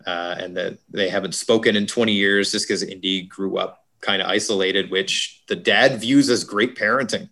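Um homem num podcast comentando um filme num papo descontraído, brincando e fazendo imitações rápidas. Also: male voice, low voice, steady tone, sharp tone. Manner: jokey, does quick impressions. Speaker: podcast co-host. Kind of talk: casual movie review chat.

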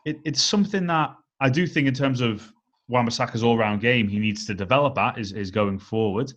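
A man co-hosts a relaxed football podcast, setting out his views in a measured, analytical way and often pausing on "um". His voice sits at a middle pitch. The audio is a little dull and lo-fi. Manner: measured, analytical, leans on "I think" and "um". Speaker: podcast co-host. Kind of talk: casual football chat.

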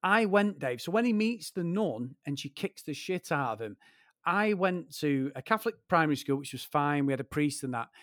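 This Greater Manchester man co-hosts a podcast, his voice a little high and slightly bright, with lively intonation at a moderate pace. The studio recording is clean with no room sound. In casual chat he rambles through long stories, swearing freely and repeatedly turning to his co-host.

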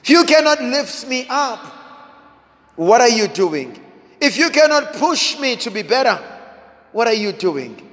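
A man preaching a sermon, slow and dramatic, building through repeated rhetorical questions. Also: very high-pitched, sing-song, a bit bright. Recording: long hall reverb.

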